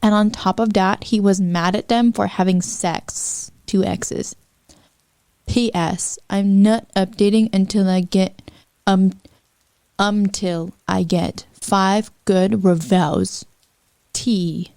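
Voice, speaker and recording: Slow, mellow woman reading fanfiction aloud. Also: medium pitch, fairly even intonation, no room sound, studio quality. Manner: wry, unhurried, breaks off with apologetic asides.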